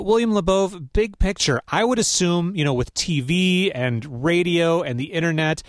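A man's voice: on the high side, dry recording. A male radio host, asking questions in a conversational way with many fillers. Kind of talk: radio interview. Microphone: studio mic.

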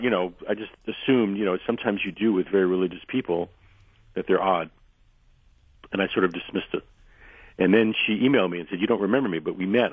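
A man with a very low, husky voice tells rambling stories as a radio guest. He is losing his voice and keeps clearing his throat. He comes through a thin, dry phone line. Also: no room sound. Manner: rambling anecdotal storyteller, frequent restarts. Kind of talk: radio interview, storytelling.

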